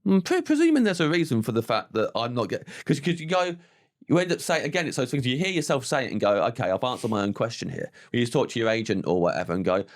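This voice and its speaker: A comedian in his forties, chatting casually as a guest, speaks fast in a mid-range voice. He's animated, performs the voices of people he quotes, and fills his talk with "like" and laughter.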